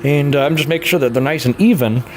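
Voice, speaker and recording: A man with a slightly raised pitch talks through his workshop project in an easygoing, offhand way, filling pauses with "uh" and "um" and laughing lightly at himself. Faint workshop ambience sits behind his voice. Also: a little mellow, a little hiss or hum. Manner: laid-back, chuckles often, many fillers. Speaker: hobby frame builder and vlogger. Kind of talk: casual workshop narration.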